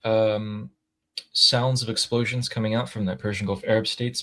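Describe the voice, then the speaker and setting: A man's voice: fairly low pitch, fairly bright tone. A man hosting a casual news commentary, explaining events matter-of-factly. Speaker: host.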